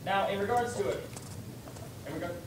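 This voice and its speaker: Rambling, quick man from the audience. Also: high voice. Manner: rambling, hesitant, many fillers. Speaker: audience member asking a question. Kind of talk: convention Q&A question. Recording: distant mic in a noisy echoey hall.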